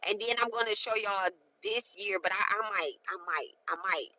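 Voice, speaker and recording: A woman in her late thirties talks in a loose, chatty way, leaning hard on her points and tossing in "okay?" to keep her listeners with her. Her voice is bright and forward, and her delivery is conversational and frank. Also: mid-range voice, moderate pace, dull audio. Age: 30s. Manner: chatty and emphatic, often checks in with "okay?". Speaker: spiritual content creator. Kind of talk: casual spoken ritual walkthrough.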